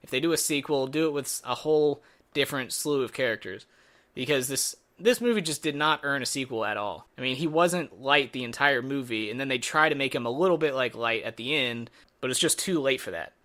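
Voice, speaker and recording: A man's voice: medium pitch, lively intonation, a little fast, pushed and bright. A man giving a casual spoken movie review in a sarcastic, exasperated way.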